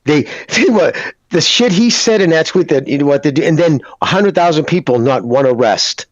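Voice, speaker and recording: Excitable male co-host on a dull line. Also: on the high side, normal speed, no room sound. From northeastern United States. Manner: excitable, swears, says "brother". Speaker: podcast co-host. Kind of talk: casual podcast banter.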